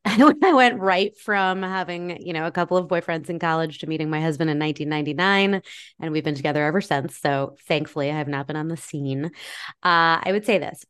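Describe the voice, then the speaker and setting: A woman in her forties with a notably low voice speaks as a podcast guest. She talks candidly and bluntly, dropping plenty of "like" and "you know" along the way. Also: smooth. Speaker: guest author. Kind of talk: conversational podcast interview.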